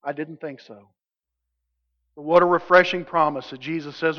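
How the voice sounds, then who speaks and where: A man's voice: on the high side, steady tone, measured pace, pauses often, a bit bright. A man preaching a sermon as pastor, conversational and jokey, acting out quotes from his listeners. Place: church sanctuary. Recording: dull sound with long hall reverb.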